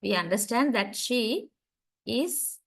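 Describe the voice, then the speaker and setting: Slow, deliberate woman lecturing online. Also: a little high, animated, gravelly, poor audio. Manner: slow, deliberate explaining with frequent "right?" and "uh" checks.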